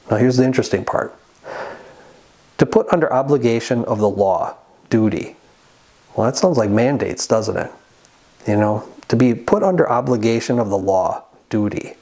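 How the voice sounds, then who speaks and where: A man giving an earnest, conversational sermon as the host of a Christian channel, pausing now and then to read scripture aloud. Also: mid-range voice, a little mellow. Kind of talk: sermon-style monologue.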